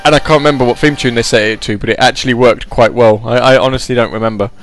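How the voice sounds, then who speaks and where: A man hosting a loose, rambling chat, cracking jokes and drifting between thoughts. His voice sits at an ordinary middle pitch. A little music plays faintly underneath. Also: fairly even intonation, fast. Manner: rambling, jokey, puts on silly voices. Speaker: podcast host. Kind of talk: casual chat.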